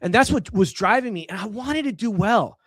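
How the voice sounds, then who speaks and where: A middle-aged man from Los Angeles tells his story as a podcast guest, with a somewhat high voice that keeps jumping up with emphasis. He often restarts his sentences. The sound is dry and close, with no room echo. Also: animated, a little fast, fairly bright tone, husky. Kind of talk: casual storytelling.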